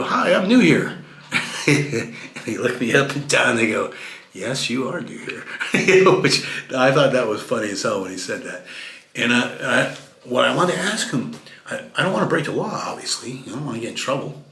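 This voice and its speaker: A man's voice: medium pitch, vocal fry, fairly bright tone, reverberant. A man from Texas telling chatty travel anecdotes to camera, with lots of fillers and restarts. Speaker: vlogger. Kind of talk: casual storytelling to camera.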